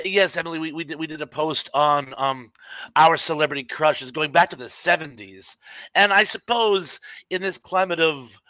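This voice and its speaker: A man's voice: fairly high pitch, bright, forceful tone, no room sound, rough recording. A middle-aged man co-hosting a live podcast, reading out viewer comments and chatting about them. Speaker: podcast co-host. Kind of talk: casual live-stream chat.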